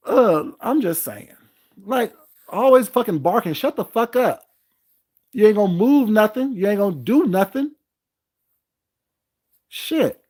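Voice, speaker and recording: A man's voice: high voice, expressive, slow, pauses often, a little mellow. A man hosting his own vlog from home, delivering a heated, profane, confrontational rant of commentary aimed at his critics. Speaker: vlogger host.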